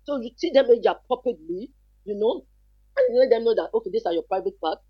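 Husky advocate, emphatic. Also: mid-range voice, animated, quick pace, dry recording, muffled recording. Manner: emphatic, repeats key points, asks rhetorical questions. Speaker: child protection advocate, guest. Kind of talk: earnest advice on a talk show.

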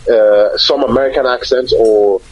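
A husky-voiced man talks with firm emphasis, doubling words as he hunts for the next thought. His pitch sits in a middle register. The audio is dull and lo-fi. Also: steady tone, normal speed, a little mellow, no room sound. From Nigeria. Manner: emphatic, repeats words while searching for them. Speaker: broadcaster and conference moderator. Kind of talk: casual interview talk.

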